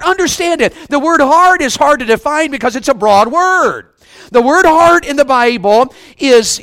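A man's voice: extremely high pitch, fairly bright tone, dry recording. A man with a Southern US accent preaching a fervent revival sermon, often putting questions to the congregation. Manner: fervent, asks the crowd questions.

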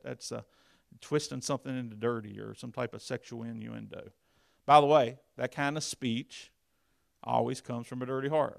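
Gravelly man preaching a fiery sermon. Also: no room sound, studio quality. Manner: emphatic, swings from low confiding to loud bursts. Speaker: pastor.

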